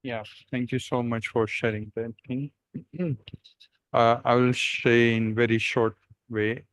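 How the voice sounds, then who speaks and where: A man co-hosting a video call, telling an anecdote in plain, halting English with fillers. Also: mid-range voice, level tone, no room sound. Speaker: co-host and storyteller.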